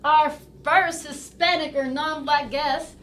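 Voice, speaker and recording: A woman's voice: high-pitched, fairly even intonation, slow pace, a crowd in the background. Teasing woman hosting a podcast. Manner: laughing, blunt, teasing. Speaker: podcast host. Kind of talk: casual chat.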